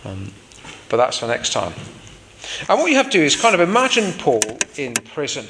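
A man's voice: fairly high pitch, huge pitch swings, normal speed, long reverb tail, noisy background. A man preaching a sermon in an informal, explanatory way with frequent fillers.

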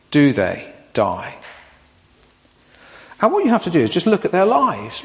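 Brief: an animated preacher man with a gravelly voice, heard with a long reverb in a church hall. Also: fairly high pitch. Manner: animated, rhetorical questions, playful asides. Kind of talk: sermon.

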